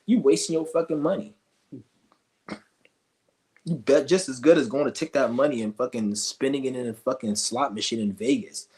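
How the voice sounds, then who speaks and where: A man's voice: mid-range voice, normal speed, pauses often, darkish tone. A male streamer ranting with scorn, rambling and cursing as he goes. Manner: profane, scornful, rambling rants. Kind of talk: ranting commentary.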